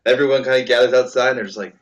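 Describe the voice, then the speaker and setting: A man narrating a tabletop role-playing game as game master, relaxed and full of ums. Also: medium pitch, racing, slight background noise. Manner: relaxed, lots of ums and uhs.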